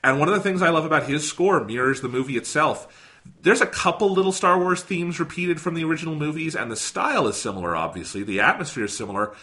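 A man's voice: on the high side, animated, fast, bright, forceful tone. A man co-hosting a podcast, talking about films in an enthusiastic, emphatic way and swearing casually. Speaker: podcast co-host. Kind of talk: casual film discussion.

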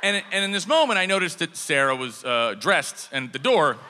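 A man with a bright, fairly high voice tells a comic story on stage, swinging his pitch all over as he acts out the scene. His voice rings with a long reverb from a large hall. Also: brisk, slight background noise. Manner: animated, acts out shouted dialogue. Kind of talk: live comedic storytelling.

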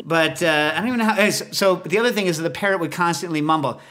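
A man's voice: on the high side, fast, a bit bright. A man hosting a podcast, telling a rambling comic story full of asides. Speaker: podcast host.

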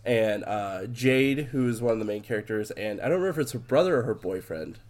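Guy rambling about a game, swears a lot, mid pitch, lots of ums and restarts. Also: expressive, brisk, darkish tone. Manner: rambling, swears freely, many fillers and restarts. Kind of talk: casual chat about a video game.

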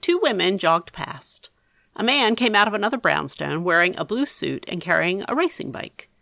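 A woman giving expressive first-person storybook narration for an audiobook. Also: fairly low pitch, normal speed, gravelly, no room sound, studio quality. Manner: expressive, animated.

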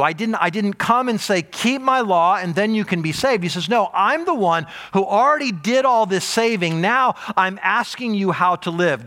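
Animated male preacher with a lively voice. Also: sits high. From United States. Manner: animated preaching, emphatic repetition. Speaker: pastor. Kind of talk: sermon.

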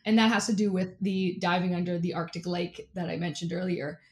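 A woman guest in an interview, telling a lively story in a casual way, with lots of "like" and frequent laughter. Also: fairly low pitch, brisk. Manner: animated, fills speech with "like", laughs often. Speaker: interview guest, athlete and keynote speaker.

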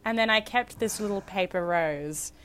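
A woman's voice: medium pitch, normal speed, fairly bright tone. A young woman chatting casually in an interview, playful and teasing, often laughing.

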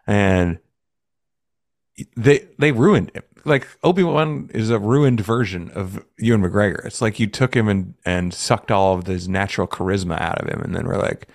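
A man's voice: fairly low pitch, moderate pace, vocal fry, darkish tone, no echo, studio quality. Blunt, swearing man in casual chat. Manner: blunt, swears, acts out mocking quotes.

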